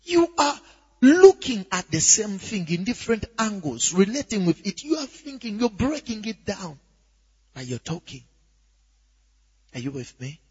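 Animated preacher man in an echoey hall. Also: high voice, a little slow, breathy edge. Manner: animated, rising to shouts, asks "are you with me?". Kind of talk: sermon. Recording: dull echoey hall recording.

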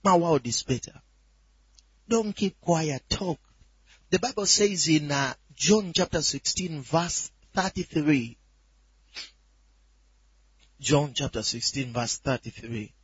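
A man's voice: on the high side, takes it slowly, long pauses, slightly rough, dry recording. Emphatic preacher man, dull lo-fi sound. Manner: emphatic, rising to shouts and quoting scripture with a crying tone. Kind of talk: sermon.

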